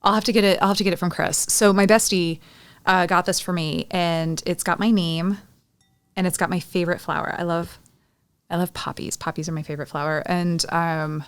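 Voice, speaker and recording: A woman co-hosting a casual podcast, chatty and blunt, quick to tease her co-host. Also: on the low side, clean tone, dry recording. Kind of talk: casual chat.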